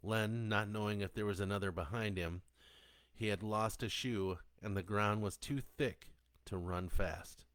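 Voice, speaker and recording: Deep-voiced man narrating horror. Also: measured pace, no room sound. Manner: steady, descriptive storytelling. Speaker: audiobook narrator.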